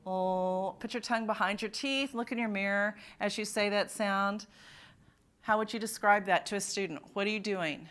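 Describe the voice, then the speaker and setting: A woman's voice: medium pitch, steady tone, moderate pace, fairly bright tone. A woman presenting a phonics workshop at a conference, quizzing her audience of teachers. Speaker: literacy presenter. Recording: conference talk in a hall.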